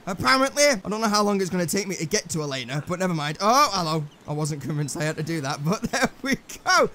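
An English man giving excitable, swearing let's play commentary to himself while he plays, with game music behind him. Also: high-pitched, quick pace, slight background noise. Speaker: gameplay commentator.

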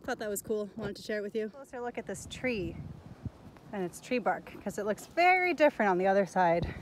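A woman's voice: mid-range voice, lively intonation, brisk, slight background noise. A woman giving an outdoor nature lesson to children on a forest trail. She asks the viewers curious questions, recorded on a handheld phone. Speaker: teacher.

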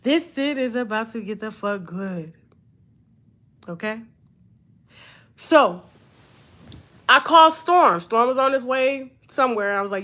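A woman's voice: fairly high pitch, animated, measured pace, long pauses, a bit bright. A woman hosting a gossip show, talking in heated casual commentary, profane and emphatic, repeating lines for emphasis.

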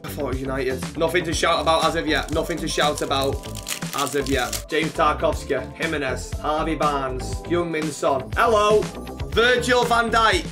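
Excitable guy ripping card packs. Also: a little high, moderate pace, over music. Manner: swears a lot, shouts when excited, mutters when cards are poor. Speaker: vlogger opening football card packs. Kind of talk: excitable card-opening commentary.

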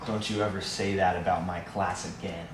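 A man's voice: sits low, a little fast, roomy sound, distant mic, background noise. A young man chatting and joking goofily on a casual live stream from his house. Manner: goofy, joking, excitable.

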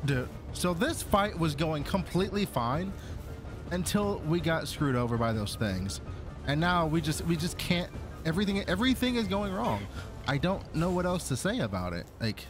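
A man's voice: on the high side, sing-song, normal speed, over music. A man narrating his own gameplay as a gaming YouTuber, exasperated, talking to his creature companion. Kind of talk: Let's Play commentary.

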